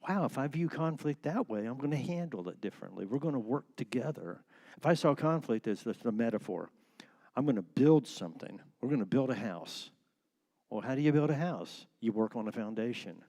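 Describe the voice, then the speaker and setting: With a medium pitch and a slightly fast pace, a man teaches a church class on marriage. His manner is relaxed and conversational, and he explains using everyday metaphors.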